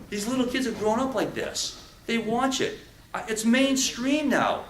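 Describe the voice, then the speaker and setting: Animated man speaking in a roomy hall. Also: extremely high pitch, a little slow, far from the mic, background noise. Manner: animated storyteller, acts out prison threats. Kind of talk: motivational talk to an audience. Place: event room with audience.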